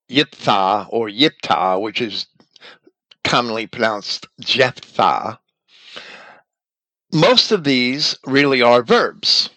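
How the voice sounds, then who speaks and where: A man's voice: mid-range voice, fairly bright tone, no echo, low-quality recording. A man reading an article aloud and commenting on it as a religious teacher, spelling out names letter by letter.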